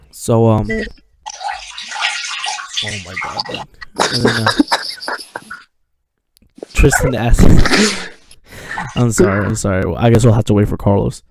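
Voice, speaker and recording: A man's voice: fairly low pitch, slow pace, long pauses, very noisy. A teenage boy telling a long personal story in casual chat, rambling with lots of restarts and fillers, recorded at home. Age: teens. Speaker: podcast co-host.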